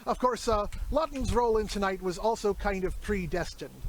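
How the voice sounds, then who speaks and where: Chatty high-voiced male horror host. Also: moderate pace. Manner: chatty, rambling, jokey, full of trivia. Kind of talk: casual movie commentary.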